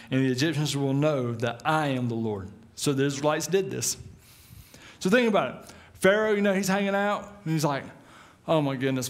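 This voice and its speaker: A middle-aged man preaching to his church. His voice sits a little high for a man. He tells the story with animated put-on voices and keeps chuckling along the way. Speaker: pastor. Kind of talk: sermon.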